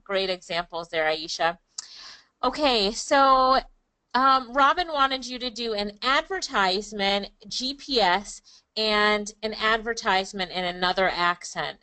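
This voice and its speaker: A woman host with a bright, smooth, clear voice leads the chat. She praises her guest readily and keeps the mood light. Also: medium pitch, low-quality recording. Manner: warm, encouraging, laughs often. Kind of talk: interview chat.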